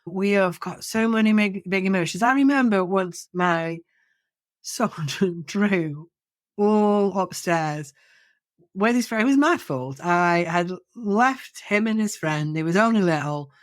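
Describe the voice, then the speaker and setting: A middle-aged woman co-hosting a podcast, telling a story in a lively, casual way with frequent restarts. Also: mid-range voice, slow pace, dry recording, studio quality. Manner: animated storytelling, many restarts and self-corrections. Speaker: podcast co-host.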